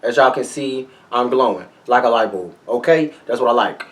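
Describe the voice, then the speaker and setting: A man's voice: medium pitch, normal speed. A man reviewing makeup products in a vlog, talking straight to his viewers in a sassy, flamboyant, salty way. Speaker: beauty vlogger.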